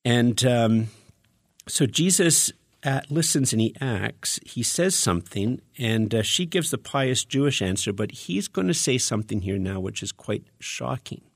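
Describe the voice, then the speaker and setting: A man's voice: medium pitch, animated, a little slow, gravelly, husky, no echo, clean studio sound. A man preaching a teaching sermon, reading scripture verses aloud and explaining them in an earnest, conversational way with frequent restarts.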